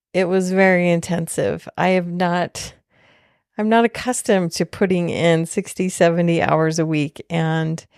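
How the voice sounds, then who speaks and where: A woman podcast host telling a personal story in a slow, heartfelt, soft-spoken way. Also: on the low side, gravelly, dry recording, studio quality.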